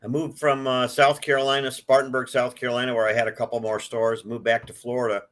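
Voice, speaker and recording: A man's voice: mid-range voice, little pitch movement, fast talker, a bit bright. Older man telling stories, loose and rambling. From Detroit, USA. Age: 60s. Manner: rambling, with many fillers and restarts. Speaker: guest, collector. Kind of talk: casual storytelling.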